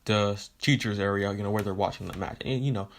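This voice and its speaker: A man's voice: lowish voice, fast talker. A man telling a fan story in a casual, rambling way with lots of fillers and swearing.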